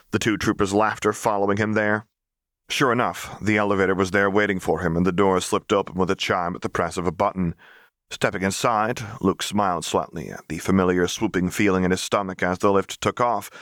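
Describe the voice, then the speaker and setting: Low-voiced male audiobook narrator. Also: dry recording, clean studio sound. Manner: calm, even, storytelling. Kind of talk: scripted narration.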